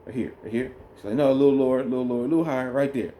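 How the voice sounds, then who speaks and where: A man telling a birth story in a relaxed, rambling way, co-hosting a casual chat with his partner. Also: medium pitch, very fast, a little hiss or hum. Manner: rambling, animated when retelling. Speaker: co-host, new father.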